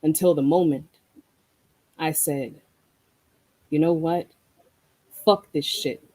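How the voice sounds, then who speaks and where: A guest poet performing spoken-word poetry with a deliberate, rhythmic delivery, then talking reflectively. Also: medium pitch, steady tone, dark tone, poor audio.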